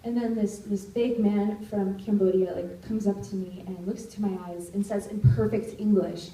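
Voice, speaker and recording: A young woman in her twenties telling a personal story at a live storytelling event, animated and now and then shouting out quoted lines. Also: mid-range voice, moderate pace. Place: stage in a live venue. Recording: roomy live recording from far off.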